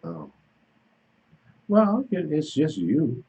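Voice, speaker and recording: Male host, husky voice, lively pitch, spins a casual anecdote. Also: very slow, lo-fi sound. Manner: animated storyteller who laughs while telling. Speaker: radio show host. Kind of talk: casual chat and storytelling.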